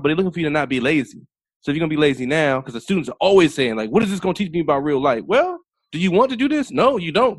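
A man's voice: fairly high pitch, dry recording. A man from the D.C. area, a teacher, talking in casual chat in a blunt, straight-talking way and cussing freely. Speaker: teacher, podcast guest.

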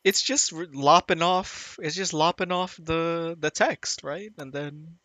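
A man hosts a relaxed podcast chat over a voice call, his voice bright and pitched a touch high. He swings up and down a lot as he jokes and laughs, and the sound is close and dry. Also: unhurried, no echo. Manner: laughing, joking banter. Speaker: podcast host. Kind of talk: casual chat.

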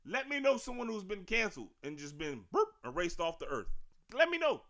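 A man's voice: sits high, big pitch swings, fairly quick, vocal fry, sharp tone. Emphatic D.C. man ranting on a podcast. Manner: emphatic, slangy, profane ranting. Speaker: podcast host. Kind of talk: casual sports and culture commentary.

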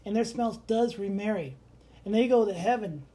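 A man's voice: sits high, normal speed. A man co-hosting a podcast in casual chat, telling stories with lots of animation and laughter. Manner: animated storyteller, laughs often. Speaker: podcast co-host.

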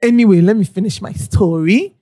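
A young woman, co-hosting a podcast and telling an anecdote in casual chat, animated and quick to laugh as she acts out what people said. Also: medium pitch, dry recording. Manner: animated, laughing often, acting out quoted people. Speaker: podcast co-host.

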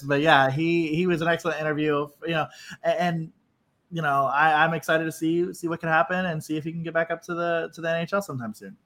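A man hosts a casual podcast chat, rambling loosely and poking fun at himself. His voice sits a little high for a man. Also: a bit bright. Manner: loose, self-deprecating rambling. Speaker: podcast host.

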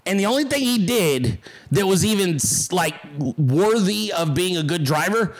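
A man's voice: sits high, lively intonation, normal speed. A man hosting his own show, telling a rambling, profanity-laced story with quoted voices in a casual monologue. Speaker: podcast host.

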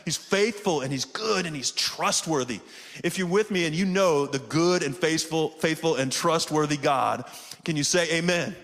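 Fairly high-pitched and fairly bright, this pastor speaks at normal speed, his words trailing off into long reverb. He leads a conversational sermon in a church sanctuary that is also streamed online, asking both the congregation present and online viewers to respond.

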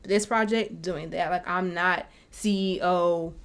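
A woman in her twenties co-hosting a casual chat, animated and acting out quoted voices. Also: lowish voice, slow. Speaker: podcast co-host.

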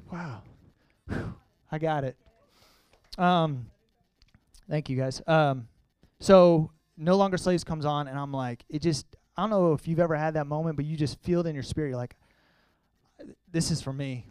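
A young man sharing a personal testimony with a congregation, talking earnestly and conversationally, sometimes halting with emotion. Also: fairly high pitch, a little mellow, smooth, no echo. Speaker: church speaker sharing testimony.

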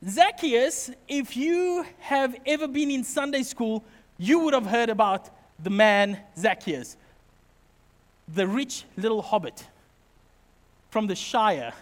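A very high-pitched man preaches in a big hall with a long, ringing reverb. He tells stories from his own family, acting out the voices with lively asides and jokes. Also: takes it slowly. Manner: animated, acts out family quotes, jokey asides. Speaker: pastor. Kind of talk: sermon with personal storytelling.

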